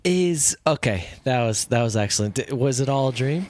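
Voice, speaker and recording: A man's voice: mid-range voice, moderate pace. A man co-hosting a reaction video, chatting playfully and with animation. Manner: animated, playful, hums guitar riffs. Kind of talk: casual chat reacting to a music video.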